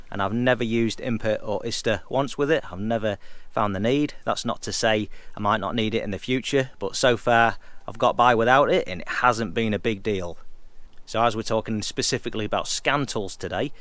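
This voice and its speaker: A man talks through car gear in an easygoing, candid vlog style, addressing his viewers directly. His voice sits fairly low, and the sound is dry and close with little room echo. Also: fairly bright tone. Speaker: car enthusiast vlogger. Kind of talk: casual explanatory car vlog.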